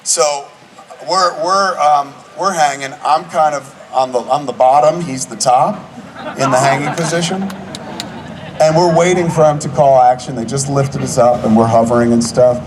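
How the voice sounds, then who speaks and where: A man's voice: medium pitch, moderate pace. A man in his forties telling rambling, profane anecdotes to a live screening audience. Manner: rambling, profane, animated storyteller. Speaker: filmmaker guest at a screening Q&A. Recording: distant mic with audience noise.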